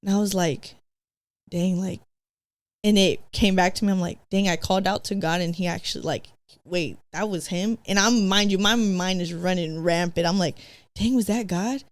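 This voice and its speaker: A woman's voice: lowish voice, fairly even intonation, moderate pace, no echo. A woman from San Diego, a podcast guest, telling her own story in a slangy, casual way that is full of "like" and "bro". She acts out her past self and slips in Spanish phrases. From San Diego, California.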